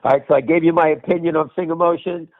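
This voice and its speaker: A man's voice: a little high, steady tone, quick pace. An older man hosting a conference call, ranting angrily and bluntly with heavy swearing, with a cough. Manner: angry, profane, blunt. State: has a cough. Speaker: host. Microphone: phone call. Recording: tinny phone line.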